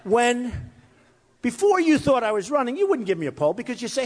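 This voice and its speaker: A man's voice: very high voice, big pitch swings, fairly quick, darkish tone. Boastful man rambling to a rally crowd. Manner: boastful, rambling, repeats phrases; mocks his critics in quoted voices. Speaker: political candidate addressing a rally. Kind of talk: off-the-cuff campaign speech. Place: hot crowded room with an audience. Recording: echoey hall, faint crowd.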